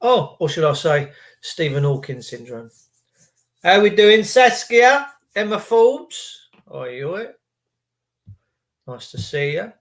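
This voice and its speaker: A rambling, chatty man with a high-pitched voice, hosting a casual live stream. He talks loosely and teasingly, greeting his viewers one by one. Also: very animated, takes it slowly, pauses often. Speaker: livestream host.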